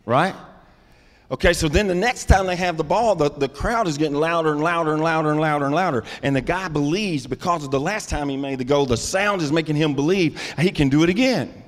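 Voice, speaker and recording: A middle-aged man preaching a sermon, calling out to the congregation and rising into loud, emphatic bursts. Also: on the high side, a little fast, big-room sound. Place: church sanctuary.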